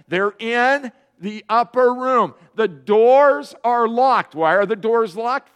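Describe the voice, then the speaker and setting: A middle-aged man preaching a sermon as pastor, retelling the story with animated storytelling and briefly voicing its people. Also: high voice.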